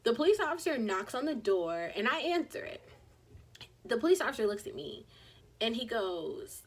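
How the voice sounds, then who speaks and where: Husky young woman telling a story. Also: fairly high pitch, moderate pace. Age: 20s. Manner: animated, acts out quoted people. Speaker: vlogger. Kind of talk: casual storytime monologue.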